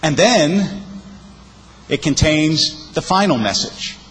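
A man's voice: a little high, animated, takes it slowly, fairly bright tone. A male rabbi giving a sermon, explaining verses emphatically and reciting poetry with expression. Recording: long hall reverb.

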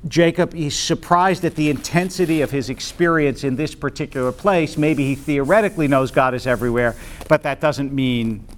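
Higher-voiced man teaching a Bible class. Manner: conversational, checks in with "right?", frequent "um". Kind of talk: informal class lecture. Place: classroom with a group present.

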